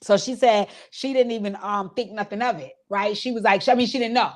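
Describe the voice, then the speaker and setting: A woman's voice: medium pitch, fairly even intonation, fairly quick. A woman hosting her own channel, casually retelling an interview in an informal, storytelling way. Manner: chatty storytelling, relays what others said; informal speech with many fillers. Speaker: host recapping an interview. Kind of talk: casual recap commentary.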